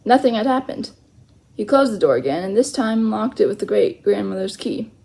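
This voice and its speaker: A woman reading a children's chapter book aloud, slowly and carefully, with small self-corrections. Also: mid-range voice, very animated, vocal fry, mellow, slightly rough. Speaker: storyteller.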